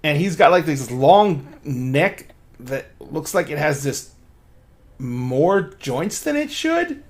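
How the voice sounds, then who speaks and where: A man's voice: on the high side, sing-song, takes it slowly. A man with a slightly raised voice runs a tabletop game, describing scenes in an easygoing, chatty way. He laughs often and swears freely as he narrates. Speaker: game master.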